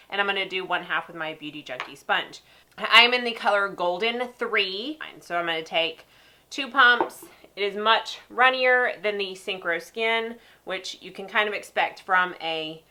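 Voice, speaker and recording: Chatting directly with viewers as she reviews and demonstrates makeup, this woman sounds nasal because a sinus cold has blocked her nose. Her mid-range voice comes across pushed and bright. She's a makeup artist vlogger keeping it casual.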